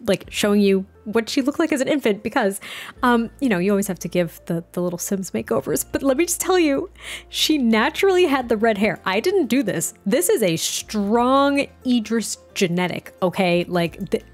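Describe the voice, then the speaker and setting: A young woman hosting a let's play, her commentary bubbly, excitable and a little rambling. Her voice sits fairly high, and soft music plays underneath the voice-over. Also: moderate pace. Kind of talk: casual game commentary.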